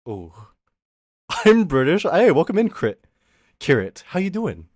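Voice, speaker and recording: A man's voice: on the high side, wildly swooping pitch, a little slow, a little mellow, dry recording, clean studio sound. A man chatting casually on a live stream, rambling playfully and talking to his chat.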